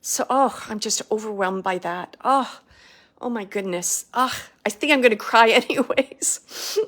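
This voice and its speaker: Woman psychic medium, fairly high voice, halting and emotional live reading. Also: fairly bright tone. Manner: emotional, halting, many fillers and restarts.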